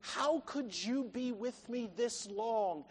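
A grieving father pleads slowly and softly with his son, as a preacher acts him out. The voice sits very high. A long hall reverb trails every phrase. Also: breathy edge, heavily acted. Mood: pleading.

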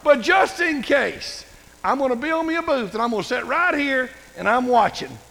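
A stubborn, sulking prophet, as a preacher acts him out, pitched well above his speaking voice and pushing hard, with a gravelly edge. He insists and repeats himself like a man who will not budge. His voice rings with the long reverb of a big hall. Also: expressive, moderate pace, pushed and bright, exaggerated voice. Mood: defiant.

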